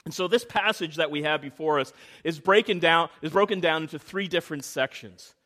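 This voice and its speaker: A male pastor with a high-pitched voice delivers a sermon full of personal storytelling. His delivery is animated, dropping to a hush and then rising loud, and he often stumbles and repeats words as he goes. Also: a little fast. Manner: animated, swings from hushed to loud.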